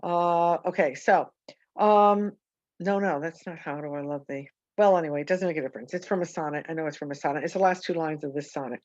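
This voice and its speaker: Over a video call, a woman teaches a poetry lesson, rambling through her points, correcting herself, and using lots of ums. Her voice is a little low with a darkish tone and a brisk pace. The call audio is dull and dry, without any room sound.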